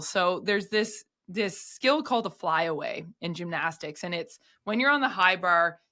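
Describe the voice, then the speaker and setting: A woman who coaches gymnastics, telling stories in a casual podcast chat, animated and full of "like" fillers. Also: mid-range voice. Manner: animated storyteller, many "like" fillers.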